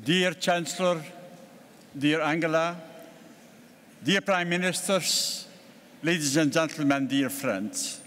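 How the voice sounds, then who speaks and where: A man's voice: a little high, steady tone, a bit bright, a little hiss or hum. Older Belgian man addressing a congress hall. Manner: measured, deliberate oratory with emphatic stresses. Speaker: party president giving a congress speech. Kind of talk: formal political speech. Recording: long hall reverb from a congress venue.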